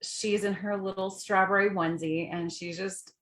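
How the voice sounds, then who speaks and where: A woman's voice: medium pitch, fairly even intonation, normal speed, a bit bright, reverberant. A woman, a bereaved mother, telling her story as a guest in an earnest, descriptive way, with vivid images. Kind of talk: personal storytelling.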